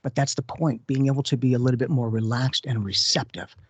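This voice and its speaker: A man with a husky, mid-range voice talks briskly with fairly even intonation as a psychic medium co-hosting a radio talk show. Casual in manner, he tells stories and acts out the voices he quotes. The dull lo-fi radio recording has no room sound.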